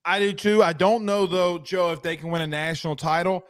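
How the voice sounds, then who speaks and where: A man's voice: high voice, steady tone, brisk, no echo, studio quality. A man co-hosting a sports podcast in casual chat, full of crude joking banter.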